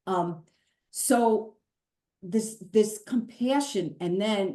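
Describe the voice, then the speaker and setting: A middle-aged woman, a pastor, telling her story in a candid, earnest conversation, animated and open. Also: medium pitch, moderate pace. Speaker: pastor and guest. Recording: roomy echo.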